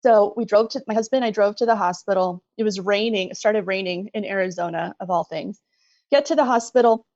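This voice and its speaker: A middle-aged woman telling her story as a podcast guest, animated and laughing often. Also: mid-range voice, fairly quick, no room sound, dull audio. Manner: animated retelling, laughs often, acts out quoted voices. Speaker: guest, bereaved mother. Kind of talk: conversational storytelling.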